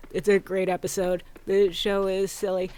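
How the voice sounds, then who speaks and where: A woman's voice: medium pitch, a little mellow, clear, resonant tone. A woman streamer giving casual gameplay commentary, chatting and reading game dialogue aloud.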